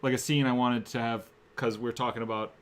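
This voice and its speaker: A young man co-hosting a casual talk show, relaxed and agreeable, often trailing off into a low mutter. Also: a little fast. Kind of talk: casual chat.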